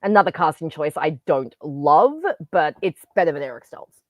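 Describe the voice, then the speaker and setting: A woman's voice: sits low, normal speed, dry recording, muffled recording. A woman in her forties giving opinionated, casual commentary as a guest on a film watchalong. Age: 40s. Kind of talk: casual chat.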